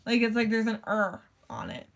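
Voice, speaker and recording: A woman's voice: on the high side, big pitch swings, normal speed, creaky. A young woman ranting casually in a vlog, rambling with constant "like" fillers and casual swearing. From United States. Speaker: vlogger. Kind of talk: casual rant.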